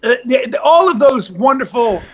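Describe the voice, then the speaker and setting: A man chatting as a podcast guest, telling animated stories with many restarts and some swearing. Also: very high voice, normal speed, husky, muffled recording. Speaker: guest, comedian and actor. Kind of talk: casual podcast chat.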